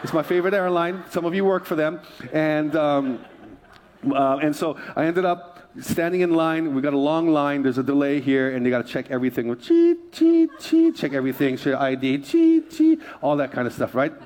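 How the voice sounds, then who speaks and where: A male pastor from Hawaii preaching with a fairly high voice. He tells funny stories, repeats his key phrases and asks the congregation to answer him. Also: expressive, fairly quick, darkish tone. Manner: humorous storytelling with repeated phrases. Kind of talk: sermon.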